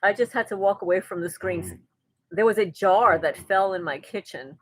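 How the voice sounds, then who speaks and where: A woman chats casually on a live stream, voicing viewer comments and replying to each in a relaxed, conversational style with frequent restarts and light laughs. Her ordinary mid-pitched voice is slightly rough and moves at normal speed. The audio is close and dry, free of room echo.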